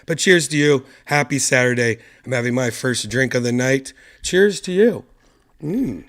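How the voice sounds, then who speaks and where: A man hosting his own online show, hoarse from a lost voice and talking quietly and softly to spare it. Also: mid-range voice, moderate pace. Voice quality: gravelly. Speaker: podcast host. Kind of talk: casual solo stream chat.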